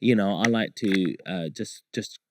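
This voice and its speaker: Easygoing low-voiced podcast host. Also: male voice, a little slow, a little mellow, a little hiss or hum. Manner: easygoing, enthusiastic questioner. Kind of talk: casual podcast chat.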